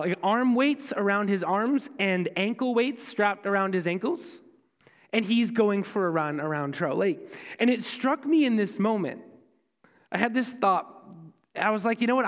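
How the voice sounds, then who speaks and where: A man's voice: high-pitched, long reverb tail. A young man preaching a sermon as pastor, in a conversational storytelling way with self-deprecating asides.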